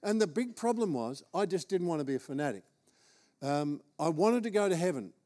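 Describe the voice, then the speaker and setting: A man's voice: on the high side, expressive, brisk, dark tone. Australian man telling a humorous sermon story. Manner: humorous, self-deprecating storyteller. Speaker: preacher.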